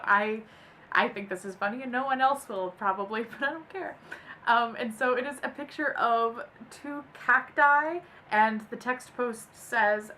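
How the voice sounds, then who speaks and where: A woman's voice: a little high, moderate pace, pushed and bright, a little hiss or hum. A young woman hosting a casual book vlog, reading poems aloud and often breaking into laughter. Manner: giggly, easily amused, breaks into laughter. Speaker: booktuber host.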